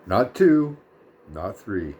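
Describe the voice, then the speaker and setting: A man's voice: on the low side, very animated, extremely slow, darkish tone, a little hiss or hum. A man in his thirties ranting to camera in a blunt, sarcastic and profane vlog story. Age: 30s. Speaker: vlogger.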